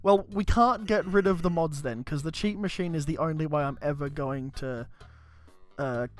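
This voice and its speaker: A man streaming a game, chatting casually with his viewers and laughing at himself. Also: a little high. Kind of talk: casual gameplay commentary.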